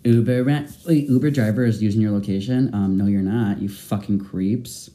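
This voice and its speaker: A man's voice: fairly low pitch, normal speed, dark tone. A man hosting a casual vlog chat, teasing and crude in a playful way. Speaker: vlogger host.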